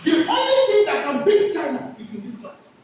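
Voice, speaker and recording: A woman's voice: extremely high pitch, big pitch swings, normal speed, a little mellow, slight background noise. A woman teaching a class, asking questions and answering them herself. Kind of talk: classroom lecture with call-and-response questions. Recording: echoey room, voice from far off.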